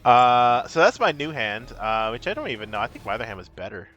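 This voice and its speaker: A man streams a card game, chatting with viewers in a playful, rambling, casual way and breaking into silly sing-song. His medium-pitched voice is sing-song, fairly quick and a bit bright. The recording is muffled, with soft music in the background.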